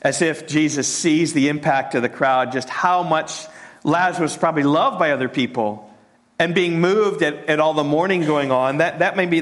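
Preaching as a pastor, a man with a slightly high voice stops and starts, repeating words, and softens to a hush at the tender moments.

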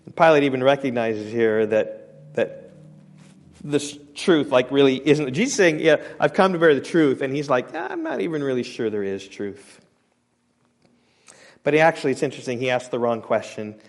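A man preaching a sermon as pastor, emphatic, rising loud on scripture and dropping quiet, often repeating and restarting his words. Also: medium pitch, expressive, moderate pace.

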